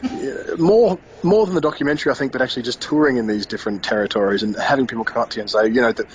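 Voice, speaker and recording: A man's voice: mid-range voice, racing, slight background noise, rough recording. An Australian man answering interview questions in a casual, hesitant way, with many restarts and fillers. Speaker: band member interviewed.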